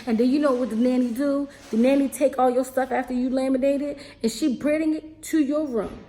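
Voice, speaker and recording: A young woman with a Baltimore accent, telling stories from her teaching job in a lively, sassy, casual vlog. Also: on the high side, brisk, a little hiss or hum. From Baltimore, USA. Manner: animated, sassy, drops into dialect with asides like "baby" and "honey". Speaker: teacher vlogger.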